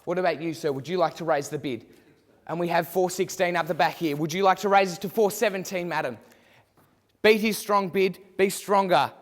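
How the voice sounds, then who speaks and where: A man calling bids in a theatrical mock auction, repeating his prompts to the crowd. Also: high voice. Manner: theatrical, repetitive bid calling. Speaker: student auctioneer. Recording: long hall reverb.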